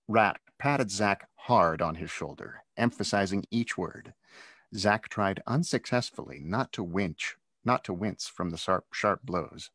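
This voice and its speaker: A man with a deep, low voice reads his own adventure story aloud, steady and expressive. The sound is dry and close, with no room echo. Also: a little slow. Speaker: author reading his own book. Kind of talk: storybook read-aloud narration.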